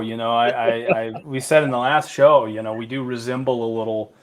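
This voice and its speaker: A man's voice: mid-range voice, steady tone, a little fast. A man with a Southern accent hosting a casual sports podcast, talking in a laid-back, rambling way with casual swearing. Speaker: podcast host.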